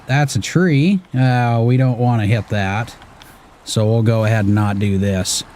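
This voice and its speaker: There's a little hiss or hum on this clip of a man in his thirties from Washington State streaming an off-road driving game. His mid-range, slightly mellow voice moves at a measured pace as he gives casual commentary, muttering to himself and swearing now and then.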